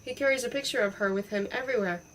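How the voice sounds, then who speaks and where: A woman's voice: mid-range voice, rapid-fire, a bit bright, distant mic, slight background noise, close to an everyday voice, low-quality recording. A woman voicing Jolly, a toothless old sailor who talks in a pirate-story drawl. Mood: gruff.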